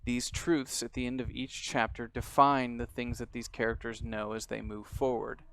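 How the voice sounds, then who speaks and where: A man who is the game master, narrating a tabletop horror game in a measured, descriptive way. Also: medium pitch, level tone, vocal fry, fairly bright tone, smooth, no room sound.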